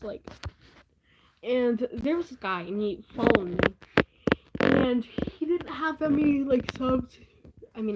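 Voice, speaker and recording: Teenage girl, casual storytelling, rambling and halting, giggly, fairly high voice, faint hiss behind her. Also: low-quality recording. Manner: rambling, halting, many fillers and restarts, giggly. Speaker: vlogger.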